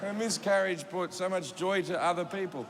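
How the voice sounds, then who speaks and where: Stand-up comic in his 40s, gravelly and slightly high voice, profane storyteller, live hall with crowd noise. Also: normal speed. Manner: profane, storytelling, punchy delivery. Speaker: stand-up comedian. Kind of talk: stand-up comedy. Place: stage in a large venue. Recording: reverberant hall with audience noise.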